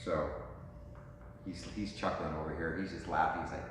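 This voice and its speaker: A man in his fifties coaching a room of real estate agents in a lively, joking way, asking "right?" often. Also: very deep voice, moderate pace. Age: 50s. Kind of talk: talk to a room. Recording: echoey hall with faint noise.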